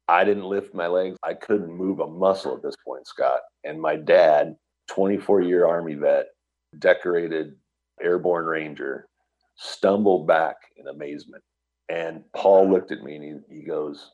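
A middle-aged man from the American Midwest recounts a personal story as a guest in an interview. His voice sits extremely low and carries a breathy, husky texture. He talks earnestly, with restarts, and acts out what others said. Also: measured pace, highs cut off. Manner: earnest, animated retelling with quoted dialogue and restarts.

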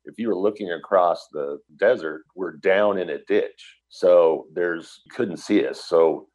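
Through a dull, lo-fi recording, a middle-aged guest earnestly relives a personal experience, voicing what each person said. He speaks in a low, slightly mellow voice at a somewhat slow pace.

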